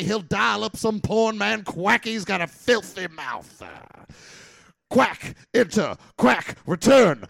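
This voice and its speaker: A man performing a comic slam poem live, theatrical, swinging from loud outbursts to low mutters. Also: vocal fry. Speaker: slam poet.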